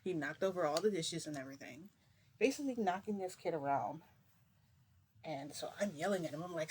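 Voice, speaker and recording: A woman recounts a long story in loose, casual speech, stumbling over restarts and packing in fillers. She keeps her voice low and hushed. A faint background hiss sits under her voice. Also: expressive, a little fast. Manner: rambling, filler-heavy retelling with many restarts; speaks low to keep quiet. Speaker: storytime vlogger.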